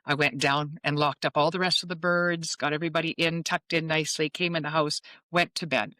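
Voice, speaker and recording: A woman's voice: low voice, fairly quick, no room sound. A woman in her fifties, a psychic medium, telling a personal story as an interview guest and acting out the dialogue. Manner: animated storyteller who acts out quoted dialogue.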